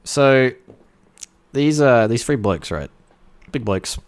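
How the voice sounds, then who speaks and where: A man co-hosting a podcast, telling jokes in casual chat, animated and swearing. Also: medium pitch, slow. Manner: animated storyteller, swearing, laughs at his own jokes. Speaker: podcast co-host.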